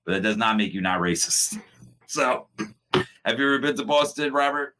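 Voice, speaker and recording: A man's voice: medium pitch, normal speed, background noise. A man co-hosting a podcast, rambling through casual chat with restarts and frequent laughs. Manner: rambling, animated, laughs often. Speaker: podcast co-host.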